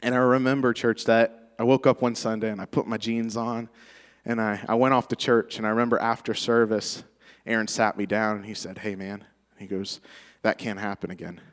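A man's voice: mid-range voice, flat delivery, brisk, clear, resonant tone, big-room sound. A man giving a tribute speech to a church congregation, telling personal stories in a conversational way and laughing often. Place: church sanctuary.

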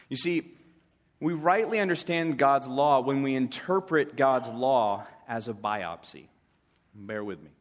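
Male preacher, relaxed sermon delivery, wry humor, mid-range voice. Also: mid-range voice. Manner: conversational, wry storytelling with acted asides.

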